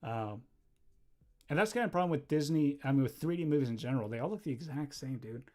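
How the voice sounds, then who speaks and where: A man's voice: fairly high pitch, expressive, mellow. Rambling young man livestreaming. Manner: rambling, easily distracted, quick laughs. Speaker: livestreamer and animator. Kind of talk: casual livestream chat while drawing.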